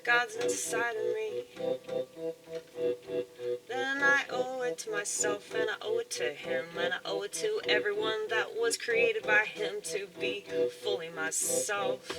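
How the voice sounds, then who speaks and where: A woman's voice: mid-range voice, lively intonation, a little slow, loud music behind the voice, low-quality recording. Rambling woman with a Southern twang. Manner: meandering, profane, frequent fillers and short laughs. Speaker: vlogger. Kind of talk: rambling casual monologue.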